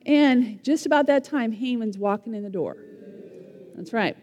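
A woman tells a Bible story as a lively lesson and keeps asking her listeners questions. Her voice is high with a warm, mellow tone. A long reverb trails behind her words. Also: normal speed. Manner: animated, asks the listeners questions. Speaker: teacher retelling a Bible story.

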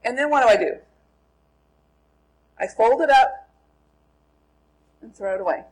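A woman's voice: a little high, animated, unhurried, poor audio. A middle-aged woman from Minnesota teaching a Bible class, asking her listeners questions and then answering them herself. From Minnesota, USA. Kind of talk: Bible lesson to a group.

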